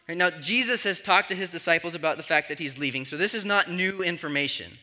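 A male pastor delivering a sermon in a high, very bright and forceful voice. He teaches conversationally, often pausing to ask "right?" to keep the congregation with him. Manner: conversational teaching with frequent "right?" check-ins.

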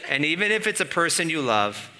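Guy preaching a sermon, lively, asks the crowd stuff, bright ringing voice. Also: a little high, brisk. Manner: animated, rising to emphatic peaks with rhetorical questions.

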